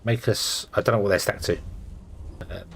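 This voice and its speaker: A man's voice: fairly low pitch, steady tone, normal speed, vocal fry, husky. A sleepy man casually commenting on his own gameplay, thinking aloud with lots of fillers. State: sleepy, yawning. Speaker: gameplay streamer.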